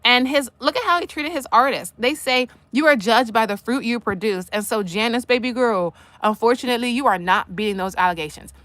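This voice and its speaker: A woman hosting a casual commentary livestream, animated and sassy, tossing asides straight at the people she discusses. Her voice sits fairly high. The sound is dry and close, with no room around it. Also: a little fast, few pauses, dry recording. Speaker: livestream host.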